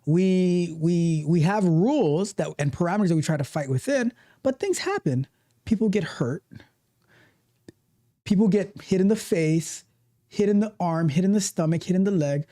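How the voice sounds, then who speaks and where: A woman's voice: lowish voice, animated, moderate pace, mellow. A woman coach giving a motivational talk, speaking emphatically, repeating her points and acting out how people react. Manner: emphatic, repetitive, acts out quoted reactions.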